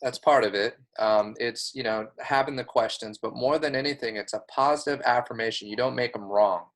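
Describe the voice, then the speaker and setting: A man's voice: medium pitch, a little fast, fairly bright tone. A man coaching a new agent, speaking in an earnest, emphatic and encouraging way. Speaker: sales coach. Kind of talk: coaching talk.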